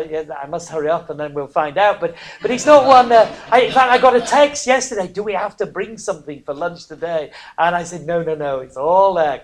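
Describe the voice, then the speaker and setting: Speaking at medium pitch, this northern English preacher swings between near-whispers and loud, emphatic cries during his sermon. Chatty asides poking fun at himself break up the delivery.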